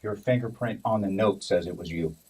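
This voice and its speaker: A man's voice: fairly low pitch, fairly quick, warm tone, slight background noise. A man working as a detective who speaks curtly and firmly, cutting off an arrested woman in a police station. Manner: curt and firm, cuts her off.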